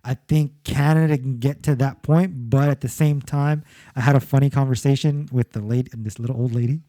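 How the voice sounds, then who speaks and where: A man co-hosts a casual sports podcast, rambling along with restarts, swearing, and laughing at his own jokes. His mid-range voice is warm and fairly even in intonation, and he talks a little fast.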